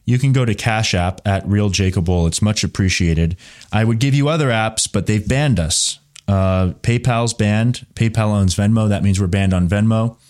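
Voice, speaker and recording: Low-voiced man hosting a live show. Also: moderate pace, a little mellow. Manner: rambling, many fillers like "you know"; reads viewer questions from the chat. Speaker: show host. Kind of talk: live political commentary show.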